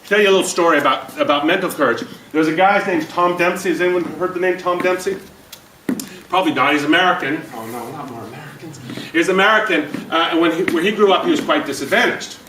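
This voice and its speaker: Man, motivational speaker, lively and jokey, fairly high voice, echoey room recorded from afar, background noise. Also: fast talker, far from the mic. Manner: energetic, jokey, addresses the crowd with questions. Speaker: speaker at a business event. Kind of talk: motivational talk to a live audience. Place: event room before an audience.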